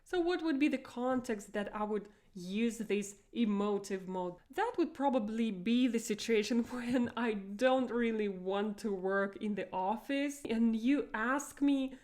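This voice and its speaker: Slow, careful Russian woman teaching. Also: on the high side, expressive, a little mellow. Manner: slow, clear explanations with stressed example phrases. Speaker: language teacher. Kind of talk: language lesson.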